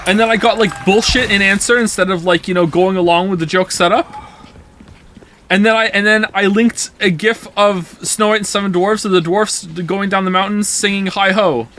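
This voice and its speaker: A young man streaming a game, chatting casually and rambling, swearing freely and jumping into high, indignant outbursts. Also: steady tone, normal speed, bright, forceful tone. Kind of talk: casual live-stream chat while gaming.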